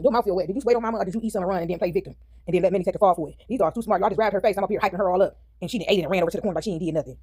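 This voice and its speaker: A woman with a mid-range, slightly mellow voice vlogs casually on her phone while eating, with a little hiss or hum in the background. She chats with her viewers, calls them y'all, and breaks into snippets of song.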